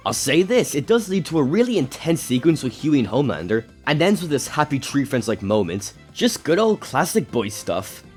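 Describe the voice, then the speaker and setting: A young man giving scripted video-essay commentary, sarcastic and expressive, with casual swearing. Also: fairly high pitch, moderate pace, few pauses, faint music behind. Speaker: YouTube show reviewer.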